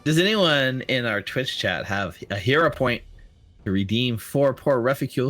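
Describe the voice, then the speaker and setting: A man's voice: mid-range voice, expressive, normal speed, a bit bright, no room sound, faint music behind. A man acting as game master, patiently explaining rules and double-checking the players' choices. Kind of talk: running a tabletop game online.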